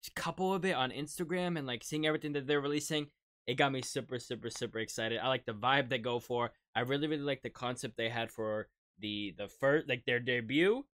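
A music video reactor giving casual, excitable commentary, often breaking off to exclaim and pause the video. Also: medium pitch.

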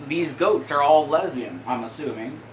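A young man rambles crude jokes as host of a laid-back, stoned session. His voice sits a little high. The sound is dull and roomy, with faint ambience underneath. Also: expressive, normal speed, background noise. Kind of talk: casual stoned commentary.

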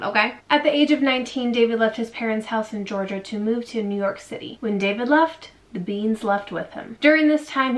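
A woman vlogger casually retelling a strange story, sassy and slangy, acting out the quotes. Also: a little high.

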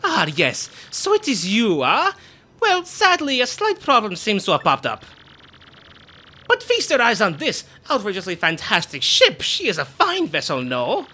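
A man's voice: sits high, huge pitch swings, unhurried, bright, forceful tone, slightly rough, pitched above the performer's own voice, exaggerated voice. A man voicing a pompous, boastful rich male sailor-merchant in a video game, grandiose and theatrical. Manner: grandiose, theatrical, self-admiring. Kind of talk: reading game dialogue aloud.

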